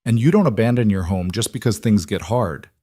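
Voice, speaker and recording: A patient young teacher as read by a man comforts a child in a soft, reassuring tone. The voice is raised slightly above the reader's low natural pitch and sounds dry and close. It is a calmly read western audiobook. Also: brisk, dry recording. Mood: tender.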